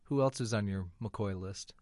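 A man's voice: lowish voice, normal speed, a little mellow, no echo. An American man hosting a radio interview, asking eager questions with frequent stumbles. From United States. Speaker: radio host.

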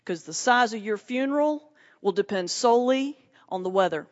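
A woman pastor doing stand-up, her voice a touch high and full of punchy, folksy timing. She is heard in a big hall with a long echo, and the sound is somewhat muffled. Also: animated, normal speed, background noise. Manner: folksy Southern humor, punchy delivery with laughs. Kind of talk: stand-up comedy set. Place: large hall before a live audience. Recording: distant echoey hall, muffled.

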